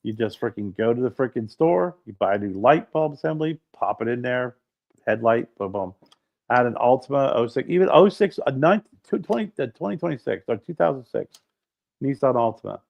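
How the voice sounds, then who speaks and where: Male podcast co-host, gravelly, lively storyteller, lo-fi sound. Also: mid-range voice, a little fast. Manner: animated storyteller, swears freely. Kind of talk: casual chat. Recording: dull lo-fi sound.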